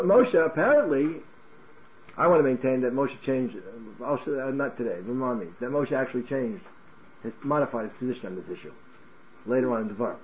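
A man teaching a Talmud class in an animated way, firing off rhetorical questions and restarting his words. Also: mid-range voice, muffled recording. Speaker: Torah teacher.

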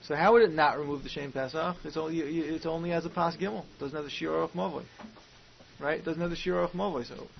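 In a muffled lo-fi recording with a faint hiss, a man with a fairly high, creaky voice teaches Talmud. He poses questions and reasons out loud, drawing on Hebrew and Aramaic terms.

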